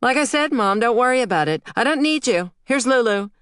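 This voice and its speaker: A woman's voice: on the high side, lively intonation, moderate pace, a bit bright, no echo, clean studio sound, pitched above the performer's own voice. A woman voicing a sulky, resentful teenage girl in an audiobook. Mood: petulant. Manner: sulky, petulant.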